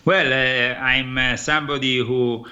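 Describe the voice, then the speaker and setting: Italian male guest on a radio call, bright tone, halting delivery with lots of fillers, dull lo-fi line. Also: mid-range voice, steady tone. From Italy. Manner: hesitant, many pauses and fillers. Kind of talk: phone-in interview.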